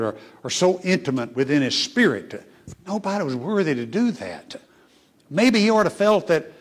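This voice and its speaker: Fervent preacher with a raised voice. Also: male voice, on the high side, breathy edge. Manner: preaching with emphatic rises and hushed asides, asking the congregation questions. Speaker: pastor. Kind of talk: sermon. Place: church sanctuary.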